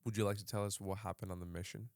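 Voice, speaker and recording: A man hosting a podcast, asking his guest questions in a measured, careful way. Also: on the low side, steady tone, gravelly, dry recording, studio quality. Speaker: podcast host. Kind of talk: interview questions.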